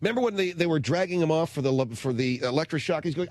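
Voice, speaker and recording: A man's voice: a little high, lively intonation, fast talker, no room sound. A middle-aged man hosting a radio show, telling a rambling, sardonic comic story in a studio. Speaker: radio talk show host. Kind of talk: comedic radio monologue.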